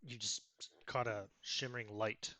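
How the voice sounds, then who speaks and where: A man's voice: on the low side, little pitch movement, measured pace, bright, forceful tone. A man running a tabletop game as game master, talking with frequent fillers and self-corrections.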